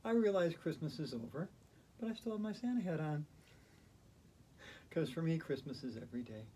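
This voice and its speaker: A man leading a yoga routine in a gentle, playful, chatty way. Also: fairly high pitch, expressive, normal speed, a little hiss or hum. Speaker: yoga instructor. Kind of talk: guided yoga instruction.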